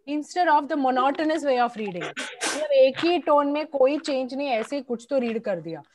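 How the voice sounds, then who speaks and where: A woman's voice: high voice, animated, racing, slight background noise. A young woman with an Indian accent teaching an English class to children, firm and directive, slipping into Hindi now and then.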